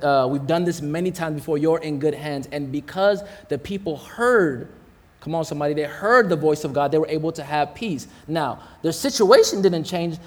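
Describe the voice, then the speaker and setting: A man preaching a sermon in a casual, slangy way, calling out to the congregation, hot and sweating as he talks. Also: on the high side. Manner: casual, slangy preaching with call-outs to the crowd. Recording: long hall reverb.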